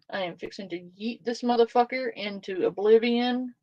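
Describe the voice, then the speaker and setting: A woman's voice: a little high, normal speed, dark tone, no room sound, highs cut off. A woman, ranting profanely and with exasperation as she reacts live on her stream.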